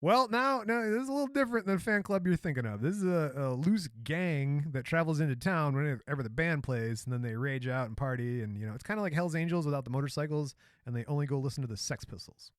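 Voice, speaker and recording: A man's voice: fairly high pitch, expressive, fast, few pauses, no room sound. Man from Michigan, joking podcast co-host, dry close sound. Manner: joking, storytelling, laughs often. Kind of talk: casual podcast chat.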